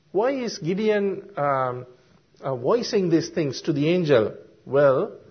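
A man preaching a sermon, explaining Bible verses slowly and deliberately with frequent ums and uhs. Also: high-pitched, slightly rough. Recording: dull lo-fi sermon recording.

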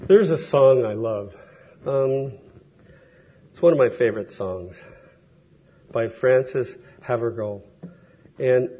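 Male preacher, husky mid-pitched voice, casual storytelling sermon, lo-fi recording. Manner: conversational, storytelling with quoted voices.

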